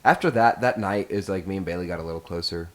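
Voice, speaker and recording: A man's voice: sits low, fast talker. A young man hosting a podcast in casual chat, playful and laughing often. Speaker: podcast host.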